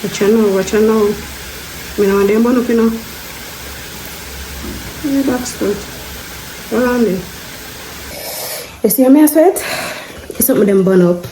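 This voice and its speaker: A woman's voice: a little high, normal speed, pauses often, mellow, reverberant, a little hiss or hum, poor audio. A woman chatting casually while cooking, laughing at herself as she goes. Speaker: home cook vlogger. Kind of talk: casual cooking vlog chat.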